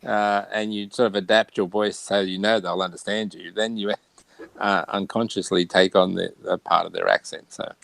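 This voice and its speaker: Australian man, low gravelly voice, easygoing talker, laughs easily. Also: normal speed, no echo, rough recording. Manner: relaxed, chatty, laughs often. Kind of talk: casual chat.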